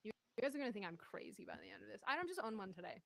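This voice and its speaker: A woman tells a story in casual chat, animated and indignant. Her voice sits at a middle pitch. The sound is dry and close, with no room around it. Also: racing, gravelly, no echo.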